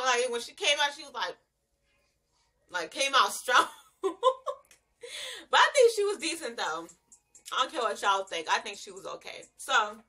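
Young woman w/ aave chatting bout a reality show, high bright voice, laughs a lot. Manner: chatty, laughs often, slangy. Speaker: reality TV reviewer. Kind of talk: casual chat.

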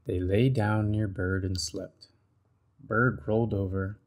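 A man reading a children's picture book aloud with expressive storybook delivery. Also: on the low side, takes it slowly.

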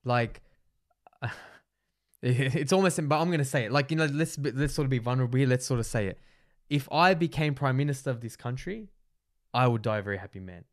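A man's voice: medium pitch, brisk. A middle-aged Australian man, a company boss, talking earnestly and motivationally as a podcast guest, often repeating words for emphasis. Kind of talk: casual podcast conversation. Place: podcast studio.

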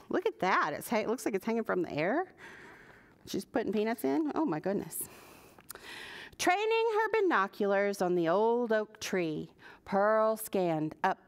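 A woman librarian reading a picture book aloud at preschool story time, animated and asking the children questions. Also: medium pitch, measured pace.

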